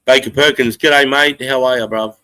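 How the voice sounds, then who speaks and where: Australian man, live-stream host, loose rambling chat, sweary, bright tense voice, dry close sound. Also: medium pitch, fairly even intonation, normal speed, clean tone, no room sound, low-quality recording. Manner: rambling, swears freely, reads out chat comments. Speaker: livestream host. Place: home in the countryside.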